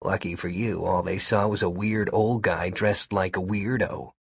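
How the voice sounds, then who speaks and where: A man voicing Gary, a laid-back, wisecracking young man, in a low, hushed and husky voice while reading a story aloud. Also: steady tone, normal speed, dry recording, studio quality, heavily acted. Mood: wry.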